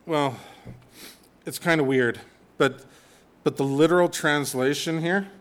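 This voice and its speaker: Chatty, animated male preacher. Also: on the high side, measured pace. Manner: conversational, animated, with asides and humor. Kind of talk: sermon.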